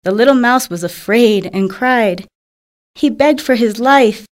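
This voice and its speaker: A woman narrating a children's fable in a clear, simple storybook manner. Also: on the high side, unhurried.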